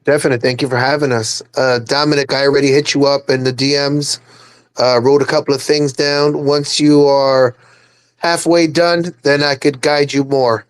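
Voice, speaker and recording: Clear-voiced man, flat and brisk. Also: mid-range voice. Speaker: guest from a project team.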